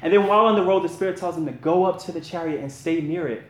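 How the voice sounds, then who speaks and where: Man preaching, men's Bible study, earnest, conversational, slightly high voice, roomy echo. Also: quick pace. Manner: earnest, conversational, asks for responses. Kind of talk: sermon.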